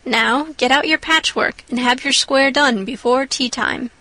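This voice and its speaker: A woman's voice: high-pitched, measured pace, pushed and bright, no echo. A woman voicing a stern older spinster who speaks in a brusque, scolding way.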